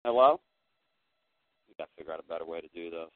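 A man hosts a call-in sports talk show and rants to his listeners, dropping to a mutter and then flaring up loud. His voice comes through thin and tinny like a phone line. The sound is dry, with no room around it. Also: sits low, lively intonation, quick pace, dry recording. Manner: fired-up, ranting, swings between muttering and loud.

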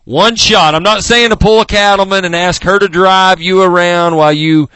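A man's voice: high voice, steady tone, normal speed, sharp tone, clear, resonant tone, dry recording. Male radio host, rambling teasing delivery, dry studio sound. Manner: rambling, teasing, lots of fillers. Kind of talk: comedy radio bit.

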